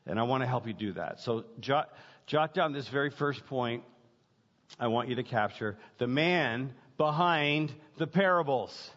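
A man preaching a sermon as pastor, emphatic, building points through repetition and dramatic pauses. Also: medium pitch, lively intonation, fairly bright tone. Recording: dull lo-fi sound with long hall reverb.

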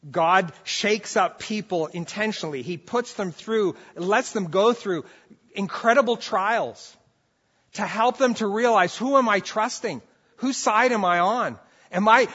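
A man preaching a sermon as pastor, impassioned, swinging between loud urgent calls and quiet, soft-spoken moments. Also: on the high side, big-room sound, dull audio.

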